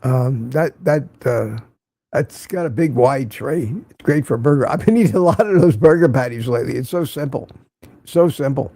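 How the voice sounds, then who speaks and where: Gravelly, mellow-voiced male livestream host. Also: medium pitch, moderate pace, dry recording. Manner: chatty, chuckles often, repeats himself. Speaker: livestream host reading viewer chat. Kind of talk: casual morning livestream chat.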